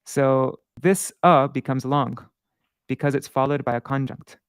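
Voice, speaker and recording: Man, gravelly yet smooth voice, dry close sound; casual patient teacher who restarts often and chants rhythms slowly. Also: medium pitch, fairly even intonation, no echo. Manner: patient, halting, thinks aloud with many restarts; chants syllable patterns slowly to demonstrate. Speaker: Sanskrit meter teacher. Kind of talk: live-streamed casual lesson.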